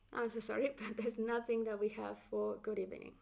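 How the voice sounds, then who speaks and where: A woman teaching Spanish in a patient, encouraging way, her Latin American Spanish accent clear in every phrase. She speaks a touch high, with gravelly fry in her voice, and often pauses on fillers and restarts her sentences. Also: little pitch movement, a little mellow. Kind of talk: online language lesson.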